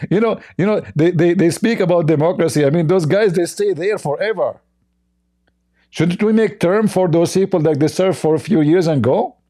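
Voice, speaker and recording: In a dark, mellow voice pitched a bit high for a man, this speaker offers sarcastic, derisive reaction commentary at a moderate pace. He rambles in broken grammar and pauses often.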